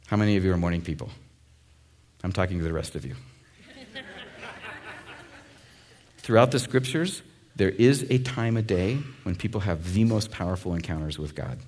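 A man's voice: lowish voice, a little mellow. A man preaching a sermon to a congregation in a conversational way, with asides and jokes. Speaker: pastor.

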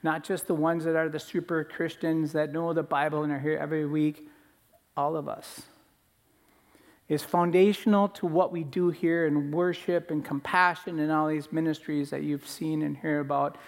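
A man's voice: fairly high pitch, little pitch movement, moderate pace. A man speaking as pastor to his congregation, earnest and building phrases into a list. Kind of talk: sermon transition. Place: church. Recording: reverberant hall.

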